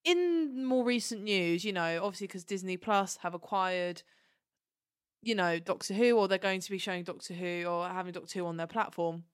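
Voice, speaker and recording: A woman hosting a podcast in casual chat, talking in a chatty, rambling and giggly way. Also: fairly low pitch. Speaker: podcast host. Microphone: studio podcast mic.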